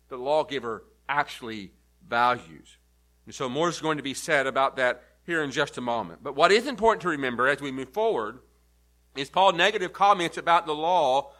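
A pastor delivering an earnest sermon, teaching step by step and leaning hard on key words. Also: male voice, a little high, pushed and bright. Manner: earnest, emphatic teaching with repeated stresses. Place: church.

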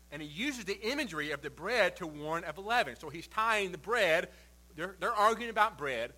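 A male pastor preaching a sermon, reading scripture aloud and then explaining it with swings between quiet and forceful emphasis. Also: high-pitched, expressive, moderate pace, rough recording. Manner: reads scripture then preaches with shifting loud and soft emphasis.

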